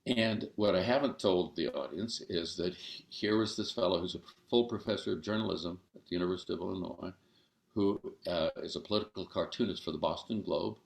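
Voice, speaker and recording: An older man telling a story as an interview guest, acting out the dialogue in an animated way. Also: a little fast, echoey room. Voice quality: gravelly low voice.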